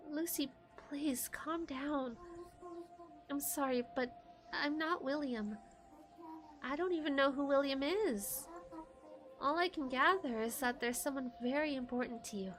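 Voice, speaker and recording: A woman voicing a calm young woman who answers a ghost, gentle and reassuring. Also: high voice, a little slow, pauses often, soft background music.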